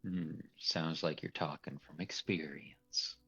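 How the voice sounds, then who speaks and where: A man's voice: very deep voice, fairly even intonation, takes it slowly, fairly bright tone, husky, muffled recording, soft background music. A man running a tabletop role-play as game master, talking in a loose, rambling way and laughing often.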